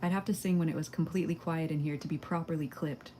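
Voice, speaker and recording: A woman's voice: sits low, steady tone, fast, mellow, a little hiss or hum. A young woman livestreaming while making pottery, chatting casually and giggling with her viewers. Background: faint game music.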